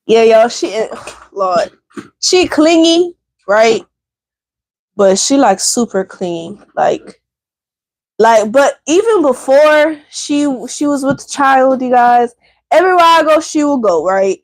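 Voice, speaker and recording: High lively woman chatting to a livestream. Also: takes it slowly, no room sound. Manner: chatty, talks straight to viewers as y'all. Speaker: channel host. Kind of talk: casual livestream chat. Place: home indoors.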